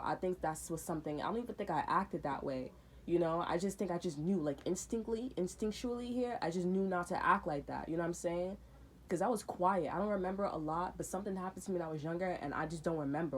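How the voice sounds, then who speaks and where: A woman's voice: on the low side, a little hiss or hum. A young woman reading tarot, talking in a heated, emphatic way, repeating herself and swearing often. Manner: emphatic, repetitive, swears a lot. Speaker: tarot reader. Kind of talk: casual, heated monologue.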